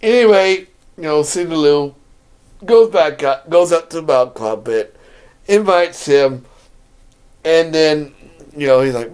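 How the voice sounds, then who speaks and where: A video blogger talks casually and eagerly through a movie he loves, rambling and laughing a lot. His voice sits on the high side, animated and a touch slow, with a clear, resonant tone.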